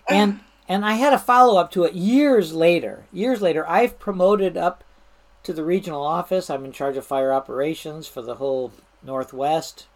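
A woman's voice: fairly low pitch, normal speed. Amused middle-aged woman telling a prank story. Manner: lively and amused, laughs while telling, many restarts. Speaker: retired fire service manager telling stories. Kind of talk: casual anecdotal storytelling.

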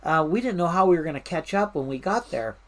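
A woman recounts her firefighting days in an easygoing, chatty way. She stops and restarts often, fills pauses with ums and you-knows, and slips into the voices of the people she quotes. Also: fairly low pitch. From Washington State. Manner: animated anecdotes with fillers and restarts, mimics voices. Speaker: interview guest, firefighter. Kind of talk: casual storytelling.

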